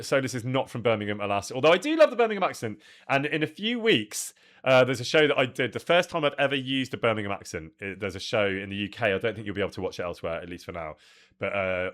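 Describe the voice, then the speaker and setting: A man's voice: fairly low pitch, a bit bright. A man chatting casually and rambling through asides as he streams a video game, laughing easily. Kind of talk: casual live-stream chat.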